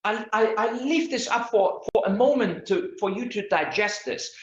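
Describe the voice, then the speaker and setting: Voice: medium pitch, animated, normal speed. A lecturer giving an online class on academic writing, often stopping to restart words and asking the listeners questions. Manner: hesitant, many restarts and repeated words; asks the audience questions. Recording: echoey, dull lo-fi room sound.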